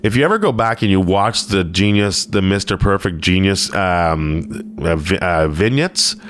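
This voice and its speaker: A man chatting casually on a podcast, telling rambling wrestling stories and breaking into quick impressions. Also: low voice, fairly bright tone. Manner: rambling storyteller, mimics wrestlers mid-story. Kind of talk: casual chat.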